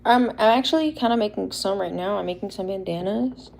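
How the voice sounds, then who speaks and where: A woman's voice: medium pitch, fairly quick, creaky, a little mellow. A young woman, chatting casually and a little shyly on a livestream, laughing often as she shows handmade toy figures. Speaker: livestream host showing custom toy figures.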